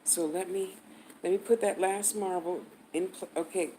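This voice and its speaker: A woman's voice: fairly low pitch, steady tone, normal speed, dark tone, a little hiss or hum, low-quality recording. Blunt, cursing older woman telling a story. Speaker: vlogger. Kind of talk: profane storytelling.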